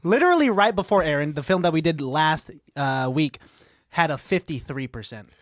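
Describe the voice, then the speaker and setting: A man co-hosting a podcast in casual comedic chat, teasing his friend and quick to laugh. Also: on the high side, dry recording, clean studio sound. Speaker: podcast co-host.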